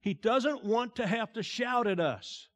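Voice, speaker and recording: A male pastor with a fairly high voice preaching at an unhurried pace. He lingers over each phrase, drops to a near-hush on tender lines, and lifts his voice to stress the important ones. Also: expressive. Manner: slow, deliberate preaching that drops to a hushed tone and swells on emphasis. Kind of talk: sermon.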